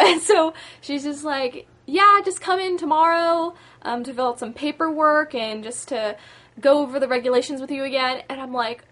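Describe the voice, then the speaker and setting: Bubbly high-voiced young woman vlogging. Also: normal speed, a bit bright. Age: young adult. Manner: bubbly, chatty, lots of likes and ums, acts out quotes. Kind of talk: casual storytelling vlog.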